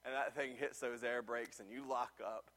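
A middle-aged man, preaching a sermon and telling a personal story, animated and full of restarts. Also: medium pitch, normal speed. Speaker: pastor.

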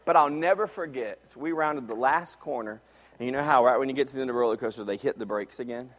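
A man preaching a sermon, telling a family story and swinging between loud, excited lines and hushed ones. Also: medium pitch, fast, in a large hall. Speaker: pastor.

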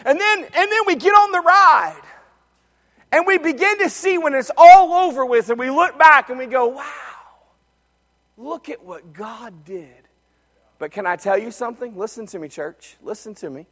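A man preaching a sermon, telling a family story and swinging between loud, excited lines and hushed ones. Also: extremely high pitch, normal speed, long reverb tail. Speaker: pastor.

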